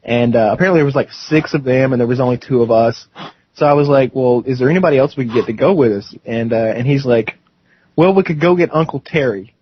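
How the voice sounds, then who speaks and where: A man's voice: medium pitch, fast talker, highs cut off, a little hiss or hum. A young man co-hosting a podcast, telling a long rambling story with bursts of laughter. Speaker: podcast co-host. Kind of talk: casual storytelling.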